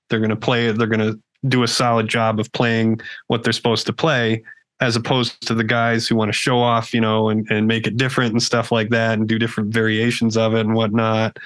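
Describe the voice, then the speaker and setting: A podcast guest chatting in a loose, easygoing way that is full of fillers. His voice is fairly low and sounds dry and close, with no room around it. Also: a bit bright, no echo. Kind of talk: casual conversation.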